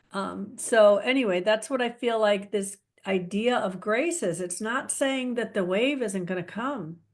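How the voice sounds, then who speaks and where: A middle-aged woman hosting a casual chat, telling animated stories with laughs and teasing asides. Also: medium pitch, measured pace. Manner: playful, animated storytelling with laughs. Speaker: podcast host.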